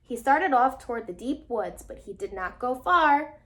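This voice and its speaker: A woman's voice: sits high, lively intonation, normal speed, fairly bright tone. A woman teacher reading a storybook aloud to her class, telling it dramatically and stopping often to ask the children questions.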